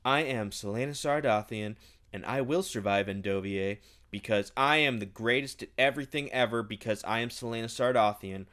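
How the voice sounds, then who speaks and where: A man's voice: mid-range voice, moderate pace, a bit bright, natural voice. A man voicing a cocky, oblivious teenage female assassin in a sarcastic, mock-dramatic tone.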